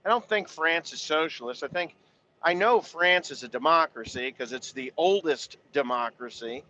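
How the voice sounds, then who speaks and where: Blunt, rambling farmer with a bright voice. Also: male voice, a little high, moderate pace, a little hiss or hum, low-quality recording. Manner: blunt and profane, full of "you know" fillers. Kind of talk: casual rambling monologue.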